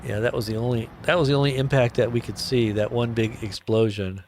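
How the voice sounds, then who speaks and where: A man's voice: medium pitch, steady tone, a little fast, few pauses, a little mellow, dry recording. A tired man hosting a live news commentary stream, rambling and joking with viewers. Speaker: host.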